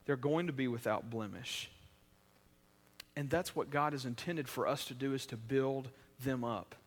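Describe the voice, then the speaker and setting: A man preaching a sermon in a casual, conversational way, with many restarts, swinging between loud emphasis and quiet, intimate stretches. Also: mid-range voice, normal speed, long reverb tail. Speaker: pastor.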